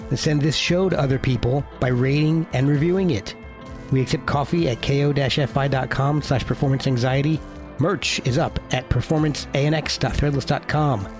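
A man's voice: medium pitch, steady tone, moderate pace, over music. Chatty male podcast host. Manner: chatty, joking. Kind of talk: casual podcast intro and chat.

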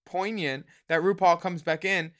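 A man's voice: sits high, steady tone, unhurried, a bit bright. A man co-hosting a podcast, recapping a reality show in campy, chatty talk and laughing often. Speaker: podcast co-host.

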